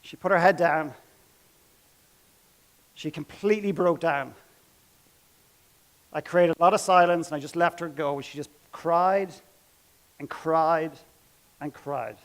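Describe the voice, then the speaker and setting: A man telling a story from a workshop, acting out the people's lines and dropping to hushed tones. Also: on the high side, fairly even intonation, slow, long pauses. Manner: dramatic, acts out quotes, drops to hushed tones. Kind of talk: storytelling talk.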